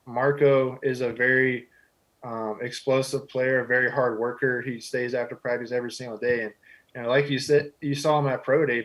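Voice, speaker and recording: A man's voice: medium pitch, low-quality recording. A man in his twenties from Texas, a quarterback answering interview questions in an easygoing, humble way with many "you know" fillers. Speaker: guest, football quarterback.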